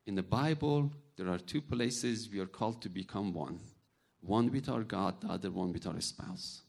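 Guy preaching, middle-aged, animated storyteller, loose grammar. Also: mid-range voice, moderate pace, gravelly, hardly any pauses. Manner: animated storytelling, acts out voices, non-native grammar. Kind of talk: sermon with personal stories.

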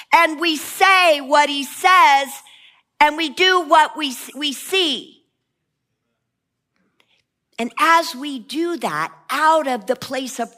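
A woman's voice: high voice, bright, forceful tone. A woman preaching a sermon with passion, mixing joking asides with fervent repeated cries.

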